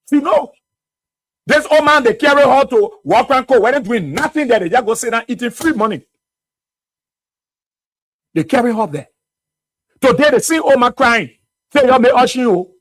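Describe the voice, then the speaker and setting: A man's voice: very high-pitched, fairly bright tone, no echo. A Liberian man hosting a radio talk show, delivering fiery political commentary full of rhetorical questions. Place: radio studio.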